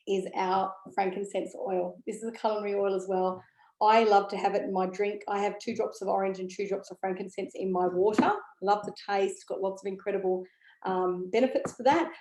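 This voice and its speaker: A woman's voice: medium pitch, steady tone, moderate pace, darkish tone. A woman giving a casual, enthusiastic talk about essential oils, chatty with many ums and okays. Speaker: essential oil educator. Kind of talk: casual product talk to camera. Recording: echoey room.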